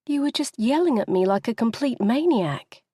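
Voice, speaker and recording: A woman reading the part of a naive nineteen-year-old girl, soft and hesitant. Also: on the high side, animated, normal speed, breathy edge, no room sound, studio quality, voice pushed up. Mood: shaken.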